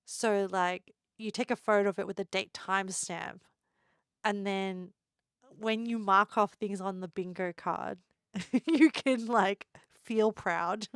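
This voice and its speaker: Giggly woman streamer, slow and playful. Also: mid-range voice, smooth, no echo, studio quality. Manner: giggly, playful teasing of chat. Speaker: live streamer. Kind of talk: casual live-stream chat.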